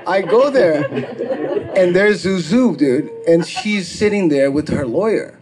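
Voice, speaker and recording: A man doing stand-up, telling a long profane story and acting out the people in it, with shouted quotes. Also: high voice, expressive, a little slow. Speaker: stand-up comedian. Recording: live crowd laughter. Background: audience laughter.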